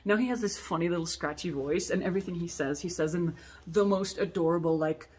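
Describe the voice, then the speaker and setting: A woman in her thirties who makes corsets, chatting casually as she shows pieces in her workshop, animated and self-mocking. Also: fairly low pitch, brisk. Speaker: corset maker showing her collection. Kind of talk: casual product showcase vlog. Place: workshop under a tin roof.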